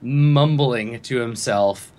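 A man runs a tabletop game and narrates casually with plenty of fillers. His voice sits at an ordinary medium pitch. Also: slow pace, a little mellow. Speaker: game master.

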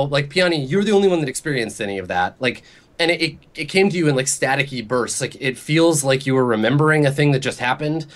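A man's voice: a little high, a bit bright. A man narrating a tabletop role-play as game master, rambling with many fillers and restarts.

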